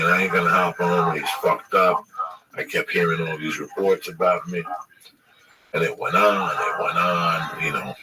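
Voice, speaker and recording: A man telling a rambling, profane story in casual chat and acting out the dialogue. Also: sits low. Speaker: podcast host telling a story. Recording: distant mic with clear background noise.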